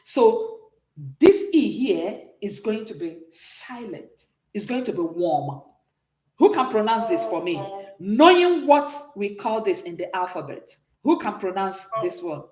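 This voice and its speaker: A woman's voice: mid-range voice, big pitch swings, a little slow, a little mellow, echoey room. A woman teaching a beginners' French class, patiently explaining and often checking in with "okay?". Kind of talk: online class lesson.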